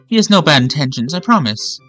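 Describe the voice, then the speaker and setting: A man's voice: a little high, big pitch swings, fairly quick, fairly bright tone, soft background music. A man voicing a young, eager female bird-folk attendant who talks in an earnest, helpful and slightly flustered way. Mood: polite.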